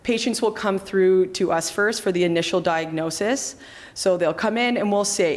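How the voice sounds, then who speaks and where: A woman's voice: medium pitch, moderate pace. A woman in her thirties, a chiropractor, talking casually in an interview, chatty, with many fillers and restarts. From Canada. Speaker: chiropractor and clinic founder.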